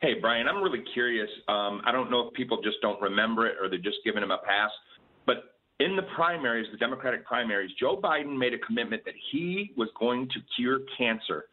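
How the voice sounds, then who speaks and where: A man's voice: mid-range voice, expressive, a little fast. A man calls into a radio talk show over a tinny phone line. He speaks in a mid-range voice and asks earnest, indignant questions. He pushes his point with rising frustration. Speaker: radio caller. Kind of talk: call-in radio.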